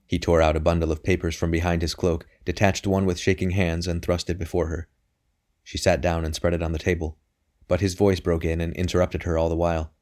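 A man with a very deep voice narrates a novel. His reading is measured and steady, in a scripted audiobook style.

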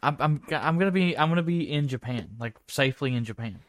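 A young man trades quick jokes in casual podcast banter. His middle-pitched voice sounds close and dry, with no room echo. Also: animated. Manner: quick banter, joking reactions. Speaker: podcast co-host. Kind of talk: casual chat.

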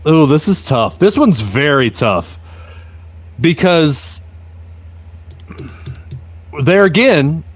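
A man co-hosting a casual talk show, animated and halting as he talks. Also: fairly high pitch, breathy edge, no room sound. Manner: animated, halting, restarts a lot. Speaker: co-host. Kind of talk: casual chat.

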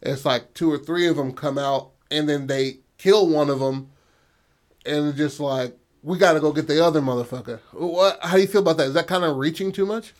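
A young man co-hosting, pitching movie plot ideas in casual, crude chat and often asking his partner for agreement. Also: normal speed. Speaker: co-host brainstorming a story.

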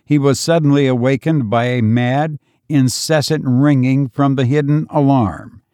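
A man reading a story aloud in measured, solemn scripted narration. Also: medium pitch, fairly even intonation, mellow, dry recording. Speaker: audiobook narrator.

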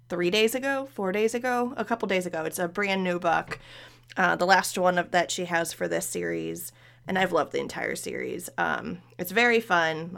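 A woman's voice: fairly low pitch, vocal fry. A woman hosting a podcast, chatting casually and animatedly about books. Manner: animated, laughs often. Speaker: podcast host.

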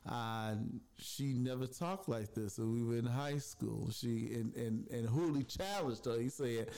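A man in the middle of the pitch range tells how his podcast came to be. He talks in a loose, chatty way with plenty of fillers. He slips into quoted asides now and then. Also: slow, hardly any pauses, a little mellow, clear, resonant tone. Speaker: podcast host. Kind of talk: casual storytelling.

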